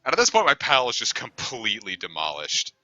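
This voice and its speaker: A man's voice: mid-range voice, huge pitch swings, fairly quick, bright, forceful tone, muffled recording. A man streaming a game, telling a long story in a rambling, easygoing way and swearing casually. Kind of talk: casual storytelling over gameplay.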